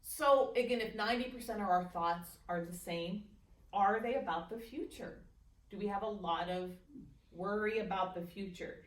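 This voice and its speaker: A woman guides a meditation class in a gentle, playful way. She sometimes speaks softly to her own thoughts. Her voice sits in a middle register and comes from across an echoey library room, with a faint hiss underneath. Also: mid-range voice, moderate pace, far from the mic. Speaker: meditation teacher.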